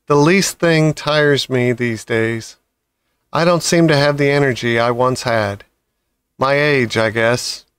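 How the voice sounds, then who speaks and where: A man's voice: medium pitch, slow, fairly bright tone, clear, resonant tone, no room sound. A man voicing a polite, precise female spider who grows tired, in a storybook reading. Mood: weary.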